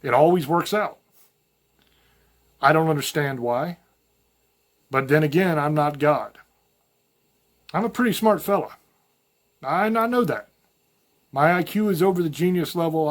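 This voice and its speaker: Folksy man, higher-pitched voice. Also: measured pace, long pauses. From rural Virginia mountains. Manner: folksy, rambling, storytelling with self-quoted asides. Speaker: podcast host. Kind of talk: casual spoken monologue.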